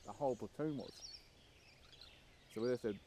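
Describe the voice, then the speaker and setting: Gravelly man in his fifties. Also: mid-range voice, moderate pace, dark tone, slight background noise. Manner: casual, wry storytelling with frequent "um" and "and". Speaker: former army recruit, interviewee. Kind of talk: documentary interview, anecdotal recollection.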